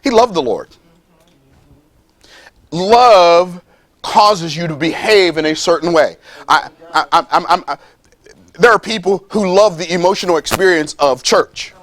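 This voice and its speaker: A man's voice: high voice, fairly bright tone. A man preaching to a live audience, emphatic and playful, repeating phrases and acting out quoted voices. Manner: emphatic, repeats phrases, reads scripture slowly. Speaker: speaker at a business seminar. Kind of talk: preaching-style motivational talk.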